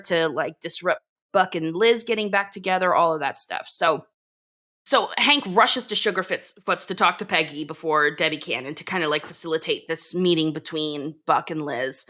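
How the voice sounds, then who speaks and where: A woman co-hosting a podcast, recapping an episode in an animated, laughing storytelling way. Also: fairly low pitch. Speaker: podcast co-host. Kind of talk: casual chat recapping a TV episode.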